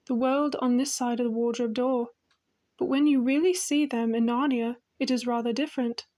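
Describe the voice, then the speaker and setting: Woman, audiobook narrator, high voice, gentle storytelling.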